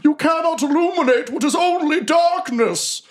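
A man's voice: extremely high pitch, moderate pace, voice pushed up. A towering, hopeless champion in spiked armor, put on by a man running a tabletop game. He bellows every line theatrically. The roar sits far above a normal speaking voice. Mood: booming. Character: hulking despairing armored male champion.

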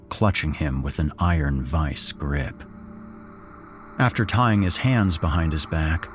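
Male horror narrator, deep and unhurried, grim and dramatic. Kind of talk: first-person horror story narration.

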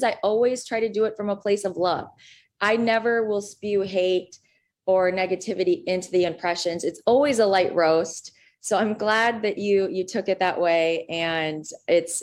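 A woman comedian from Minnesota, a guest in a casual interview, chatty and rambling. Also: medium pitch.

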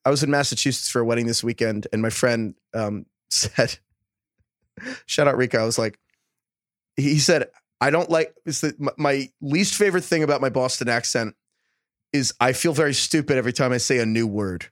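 A man hosting a podcast in casual chat, playful and quick to laugh. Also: medium pitch, no echo, studio quality. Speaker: podcast host.

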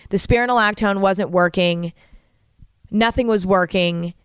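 Young woman vlogging her story, smooth clear voice, really candid and raw, swears a bit, dry close sound. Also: mid-range voice, dry recording. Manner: candid and emotional, with casual swearing and fillers. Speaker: content creator. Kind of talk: personal storytelling to camera.

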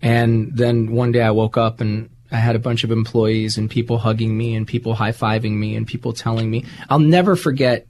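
A man's voice: on the low side, completely flat delivery, brisk, few pauses, a little mellow, slight background noise. A man interviewed as a guest, telling his life story in an earnest, rambling way and often repeating words. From United States. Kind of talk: candid conversational storytelling.

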